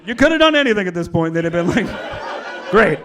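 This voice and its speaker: A male stand-up comedian tells stories into a handheld mic on a club stage. His voice sits fairly high and swings widely in pitch, and the room is loud with audience laughter and background noise. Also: rapid-fire. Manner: animated storytelling, acts out shouted quotes, swears. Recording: live club audio with crowd laughter and noise.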